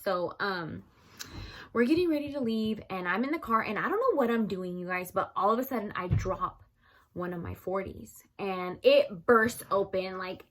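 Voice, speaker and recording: A young woman telling a story casually to her viewers, chatty, calling them "you guys" and loudly acting out what people said. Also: medium pitch. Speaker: storyteller vlogger.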